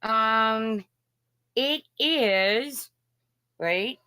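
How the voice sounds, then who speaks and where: Slow-talking chatty woman with a bright voice. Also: a little high, clean tone, dry recording. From Indiana. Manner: chatty, folksy, greets viewers by name. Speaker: live stream host. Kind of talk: casual live chat with viewers.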